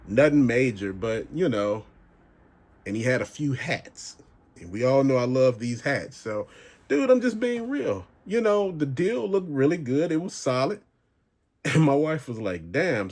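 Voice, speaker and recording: Middle-aged male host, rambling storyteller with a cursing, slangy delivery and an animated, slightly high voice. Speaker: channel host. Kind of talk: casual rant.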